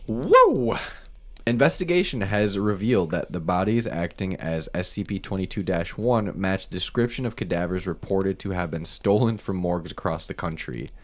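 A man's voice: low voice, brisk, few pauses, a little mellow. A man reading a creepy document aloud in a casual, joking co-host style, swearing freely.

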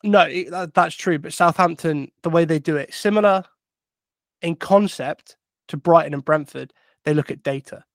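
A man co-hosting a casual football podcast, wry and measured as he walks through quotes. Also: a little high, dry recording, clean studio sound. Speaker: podcast co-host.

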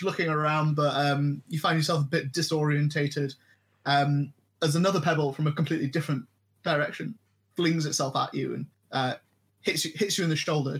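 A man with a slightly raised voice narrates a tabletop adventure as game master. He pauses often with ums and restarts his sentences as he describes the scene. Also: fairly high pitch, a bit bright.

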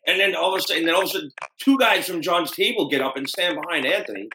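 A man hosting a podcast, telling stories in a rambling, animated way. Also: on the high side, very fast. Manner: rambling, animated storyteller doing voices. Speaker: podcast host. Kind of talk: casual podcast interview. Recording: echoey room with faint noise.

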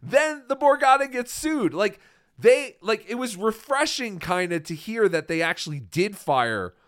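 Animated, sarcastic man on a live stream. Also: high voice, measured pace, no room sound, studio quality. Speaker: podcast co-host. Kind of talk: casual live-stream banter.

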